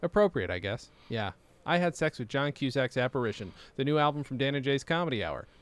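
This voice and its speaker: A man in his thirties rambling through absurd jokes and goofy asides. His pitch swoops up and down as he reads old writing aloud to a friend. He drifts into silly put-on voices along the way. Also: big pitch swings, brisk, clean tone, no echo. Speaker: podcast co-host. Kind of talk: casual chat, reading old writing aloud.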